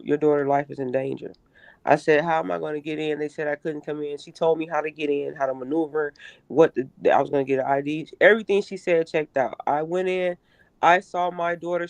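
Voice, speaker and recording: A middle-aged woman giving an emotional first-person account in an interview, halting and repeating herself with emphasis. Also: sits low, dry recording. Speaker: interview guest, mother.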